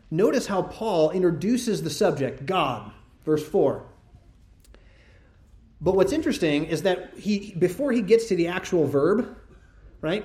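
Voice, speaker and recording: A man's voice: a little high, darkish tone. Earnest preaching man in an echoey church. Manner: earnest teaching, frequent "right?" checks. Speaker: pastor. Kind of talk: expository sermon.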